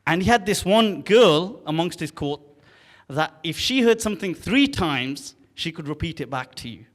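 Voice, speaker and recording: A man giving a lively storytelling lecture at an event, speaking casually and acting out the dialogue. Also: a little high, normal speed. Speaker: Islamic scholar speaking at an event. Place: large hall at a live event. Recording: long hall reverb.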